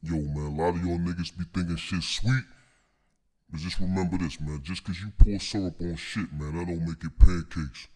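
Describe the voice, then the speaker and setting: In a low, slightly mellow voice with fairly even intonation and a moderate pace, a man from Staten Island, New York rants comically to the camera. The rant is boastful, profane and confrontational, calling people out.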